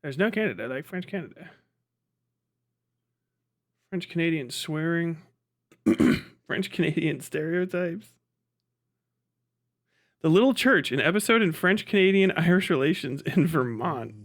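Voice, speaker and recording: High-voiced man ranting profanely. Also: lively intonation, a little slow, pauses often. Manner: profane, ranting, laughs often. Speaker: streamer. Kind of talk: casual livestream chat.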